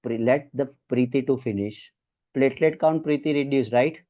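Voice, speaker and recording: A man's voice: medium pitch, moderate pace, warm tone, muffled recording. A man with an Indian accent running an online medical exam quiz, patiently drilling students one point at a time.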